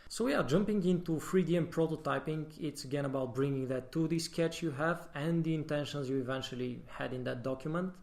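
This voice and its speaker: A man's voice: on the high side, fairly quick, gravelly, few pauses, a little mellow. A man, a guest level designer, explaining his working process in a casual podcast discussion. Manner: explanatory, advice-giving.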